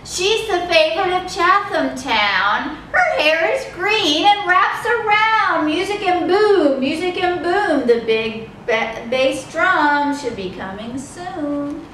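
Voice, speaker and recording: Woman, high voice, slow storytime reading, sing-song, echoey room, far from the mic. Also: expressive, a bit bright, slight background noise. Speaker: children's librarian. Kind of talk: children's storytime read-aloud.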